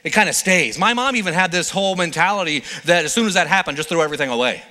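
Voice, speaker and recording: A man's voice: high-pitched, lively intonation, fast talker, bright, forceful tone, in a large hall. A male pastor preaching a sermon in a playful, conversational storytelling manner.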